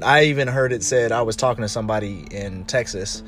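A man's voice: on the low side, fairly quick, faint music behind. Man talking about relationships. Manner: animated storytelling, mimicking others. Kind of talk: casual relationship monologue.

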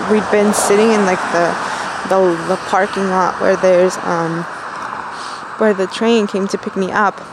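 A young woman in a personal voice diary, miserable and rambling, halting with many fillers and restarts. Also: mid-range voice, noisy background.

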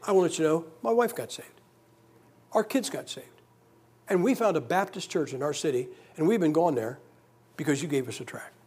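A man's voice: fairly high pitch, lively intonation, darkish tone, husky. A man preaching, voicing a stranded traveler who apologizes in a hurry and later tells how grateful he is. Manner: hurried, apologetic.

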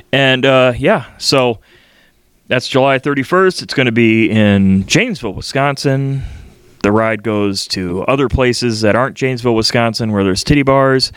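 A man's voice: medium pitch, fairly bright tone, clear, resonant tone, dry recording. A young man co-hosting a podcast, blunt and crude, swearing constantly in casual chat. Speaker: podcast co-host.

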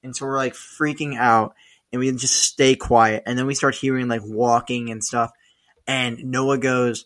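Chatting casually on a podcast he co-hosts, a young man tells animated stories, laughing mid-story and swearing often. His mid-range voice keeps a normal speed.

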